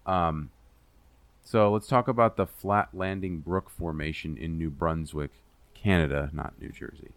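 A man's voice: low-pitched, steady tone, measured pace, dry recording. A man hosting a casual podcast, explaining a science topic in a rambling, self-deprecating way with lots of fillers and swearing. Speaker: podcast host presenting the topic.

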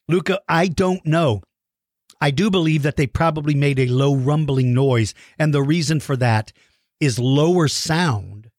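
Fairly high in pitch, this man fields viewers' dinosaur questions on his own microphone, explaining things playfully and like a teacher for a young audience. His lively, kid-friendly delivery is captured in a dry, studio-quality recording.

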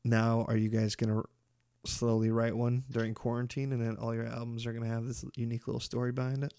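A man hosts a casual podcast, easygoing and quick to joke. His voice is at an ordinary pitch. The sound is dry and close, with no room around it. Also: monotone, mellow, smooth, no room sound. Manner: laid-back, joking, swears casually. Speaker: podcast host. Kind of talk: casual interview chat.

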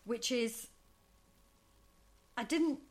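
A woman co-hosting a podcast, chatting casually and acting out quotes in animated high voices. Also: extremely slow. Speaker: podcast co-host. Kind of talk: casual chat.

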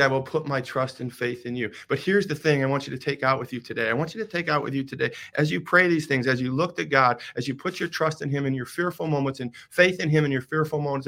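A man hosting a devotional podcast with a bright, forceful voice that sits a little high for a man. He tells his stories dramatically, dropping to hushed whispers and then rising to loud pleading. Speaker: podcast host.

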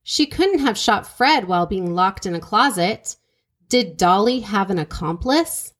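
A woman co-hosting a podcast, reading out a true crime case in a measured, dramatic way. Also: medium pitch, expressive. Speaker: podcast co-host.

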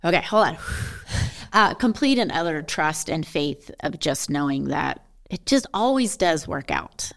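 A woman's voice: low-pitched, sing-song, measured pace, creaky. A middle-aged woman telling a personal story as a podcast guest, earnest and emotional, with rambling sentences. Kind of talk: candid personal conversation.

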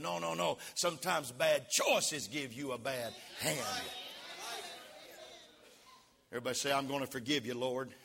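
A man preaching a sermon as pastor, leading the congregation in call-and-response and rising to shouts. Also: mid-range voice, a little slow, vocal fry, pauses often, husky. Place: church sanctuary. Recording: long reverb of a church hall.

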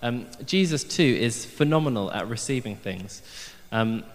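A man's voice: medium pitch, lively intonation, measured pace. Casual self-mocking male preacher in a church, lots of ums, long reverb. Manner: chatty, self-deprecating, many ums. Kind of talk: humorous church sermon. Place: church hall.

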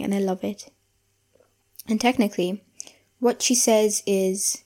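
A young woman hosting her own podcast, talking in an earnest, reflective way and slowing down to stress key phrases. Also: mid-range voice, dark tone. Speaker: podcast host. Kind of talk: casual solo podcast monologue.

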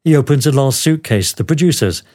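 Older man, memoir storytelling, wry, dry humor, podcast host, medium pitch. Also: lively intonation, brisk, a little mellow.

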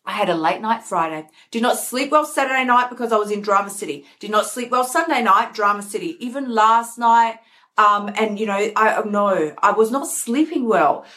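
A woman's voice: medium pitch, lively intonation, normal speed, bright, forceful tone. A woman hosting her own show, talking candidly and emotionally, repeating words for emphasis. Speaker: podcast host. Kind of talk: candid personal talk. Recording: live stream.

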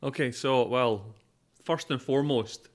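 A man's voice: medium pitch, a little slow. A man co-hosting a casual golf podcast, teasing his co-host with wry jabs and moving the show along. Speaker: podcast co-host and quiz contestant.

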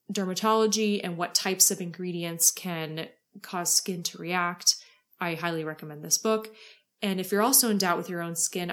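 A woman with a voice pitched somewhat low for a woman co-hosts a beauty science podcast. She speaks earnestly, recommending books and doctors and agreeing with her co-host. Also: fairly bright tone. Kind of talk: casual science podcast chat.

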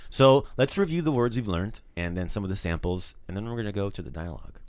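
Low voiced guy teaching words, bouncy and playful, dry close mic. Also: quick pace, dry recording. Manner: animated, playful teasing, repeats and praises. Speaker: language teacher host. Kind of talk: casual language lesson.

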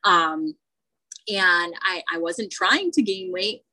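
A woman co-hosts a podcast in relaxed conversation, telling her story with lively momentum. She often backtracks and restarts her sentences. Her voice sits fairly low but rings with a bright, forceful edge. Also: slow, rough recording. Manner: animated storytelling with many restarts. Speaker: podcast co-host. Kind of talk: casual chat.

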